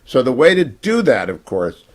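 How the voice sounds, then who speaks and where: A man's voice: mid-range voice, wildly swooping pitch, moderate pace. A man hosting a radio talk show from a hotel room, joking and rambling playfully with his co-host. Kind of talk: casual broadcast banter.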